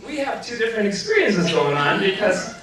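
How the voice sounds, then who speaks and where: A man telling a humorous personal story to a live audience, animated and laughing often, acting out what people said. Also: high voice, fairly quick. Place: large echoey hall with a live audience. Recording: echoey hall from far off, audience audible.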